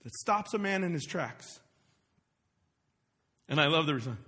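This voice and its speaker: Male pastor, high bright voice, casual and animated, shouts for emphasis, reverberant hall. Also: moderate pace, long pauses. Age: adult parent. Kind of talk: sermon. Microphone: wearing a microphone.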